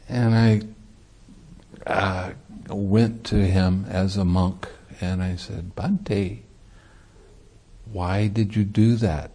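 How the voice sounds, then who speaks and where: A man's voice: lowish voice, mellow. A man, a Buddhist monk and meditation teacher, giving a light-hearted dharma talk and laughing easily as he teaches.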